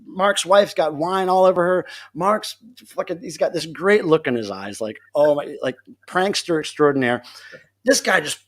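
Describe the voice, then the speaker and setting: A man hosting a livestream from home, telling a story in a casual, animated way, laughing often and acting out what people said. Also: a little high, moderate pace. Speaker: livestream host. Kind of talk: casual storytelling to a live chat.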